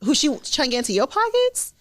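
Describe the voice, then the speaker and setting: A woman's voice: high-pitched, sing-song, fast, fairly bright tone, no echo. A young woman co-hosting a casual podcast chat, talking bluntly and emphatically with plenty of cursing. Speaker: podcast co-host.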